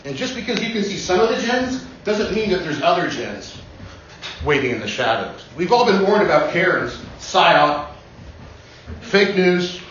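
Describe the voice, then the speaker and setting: A man's voice: high voice, sing-song, normal speed, a bit bright, a little hiss or hum. A man in his forties from Western Kansas, doing an open-mic stand-up set in a small cafe with a dry, rambling delivery. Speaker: stand-up comedian. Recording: echoey dull lo-fi room recording.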